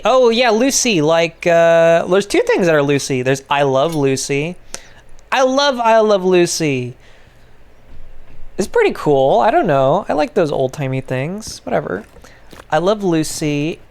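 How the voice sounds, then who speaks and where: A man's voice: on the high side, sing-song, unhurried, smooth. A man giving casual gameplay commentary, rambling and sarcastic, swearing often. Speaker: gaming video creator.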